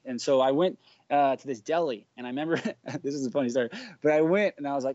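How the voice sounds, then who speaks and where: Fast-talking animated man, dull dry sound. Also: mid-range voice, dry recording. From United States. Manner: animated storyteller, acts out quotes. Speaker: guest juggler. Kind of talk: casual podcast chat.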